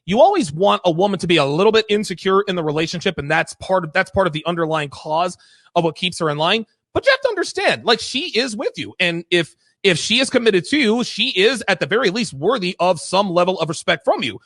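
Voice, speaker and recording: Animated high-pitched man, gravelly and bright. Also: brisk, no echo. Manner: blunt, emphatic, profane storytelling. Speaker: podcast host. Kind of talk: casual chat.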